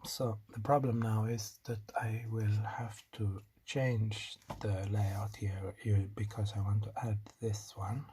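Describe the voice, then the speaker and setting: In a rough recording, a man with a non-native English accent talks slowly and levelly in a low, dark voice with few pauses while building a circuit for his DIY electronics channel. Working at a home workbench, he rambles, cracks jokes and mutters to himself over clear clicking and typing noise.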